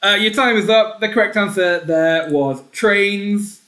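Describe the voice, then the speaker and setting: A man hosting a live online pub quiz, chatty, reading each question and its options twice and often clearing his throat. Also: high-pitched, a little slow, bright, forceful tone. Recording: echoey room.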